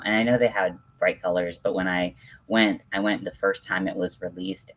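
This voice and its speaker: A man hosting a casual crafting livestream, reading chat and reacting with excitable gushing between lots of ums and restarts. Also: sits low.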